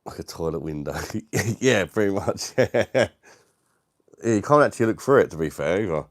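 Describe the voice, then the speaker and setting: Chatting from his dining room on a casual livestream, this British host greets viewers with a low voice, lively intonation and moderate pace. The recording is clean studio sound with no echo. He's relaxed, laughs frequently and keeps saying "mate."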